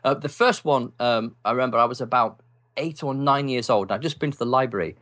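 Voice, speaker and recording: English guy telling funny stories in an interview, lots of ums, wry and animated. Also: mid-range voice, fast talker. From England. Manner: animated, wry storyteller with many ums and laughs. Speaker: podcast guest, writer. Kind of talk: casual storytelling interview.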